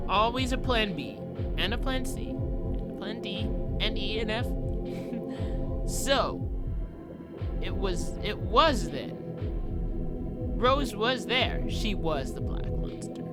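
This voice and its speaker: Woman game commentator, slow, chatty and jokey, game music playing under her. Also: medium pitch, lively intonation. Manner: chatty, jokey, thinking aloud. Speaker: gaming commentator. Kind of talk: casual let's-play commentary.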